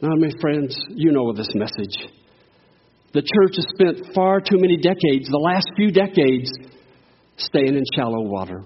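Folksy preacher with a high voice. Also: male voice, very animated, measured pace, breathy edge. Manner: folksy, call-and-response preaching. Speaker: guest preacher. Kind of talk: sermon. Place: church sanctuary. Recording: echoey hall, dull lo-fi sound.

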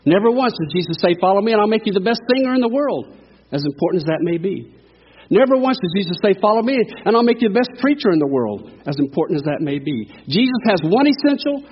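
Husky preacher man, hushed to shouting. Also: on the high side, dull audio. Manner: storytelling, swings from hushed to shouting. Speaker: guest preacher. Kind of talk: sermon.

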